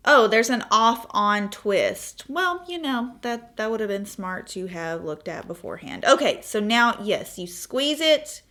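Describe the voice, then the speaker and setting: Chatty young woman, higher voice. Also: expressive, unhurried, hardly any pauses, pushed and bright. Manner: chatty storytelling, frequent laughs and asides. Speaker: beauty vlogger. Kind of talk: casual chatty makeup tutorial.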